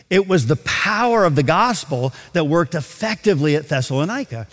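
A man preaching a sermon to a congregation, animated, slowing down to stretch key phrases. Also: fairly high pitch, long reverb tail. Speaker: pastor. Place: large auditorium.

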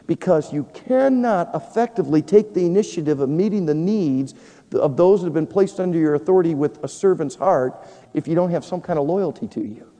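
A man's voice: fairly high pitch, dark tone. A man preaching a sermon who earnestly works through a numbered list of points. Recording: live chapel recording in a reverberant hall.

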